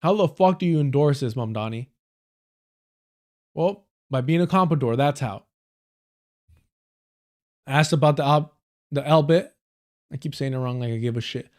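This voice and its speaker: A man's voice: medium pitch, normal speed, pauses often. Profane, sarcastic male political streamer. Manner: profane, sarcastic, angry rants between read-out passages. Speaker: political commentator. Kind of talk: livestream commentary reading news.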